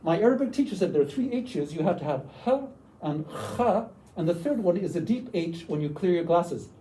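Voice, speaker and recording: Animated man presenting to teachers. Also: on the high side, fast, recorded from a distance, a little hiss or hum, low-quality recording. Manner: lively, demonstrative, models foreign words. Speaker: workshop presenter. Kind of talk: teacher workshop talk. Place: lecture room.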